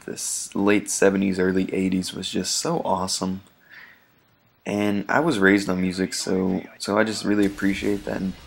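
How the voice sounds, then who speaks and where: Male gameplay commentator, low gravelly voice, loose chatty rambler. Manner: rambling and chatty, many ums and restarts, chuckles often.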